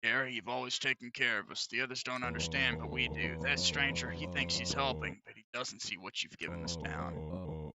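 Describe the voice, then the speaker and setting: A man voicing a sinister villager in a low, slow, threatening voice while playing a game. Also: animated, pushed and bright, soft background music. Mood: creepy.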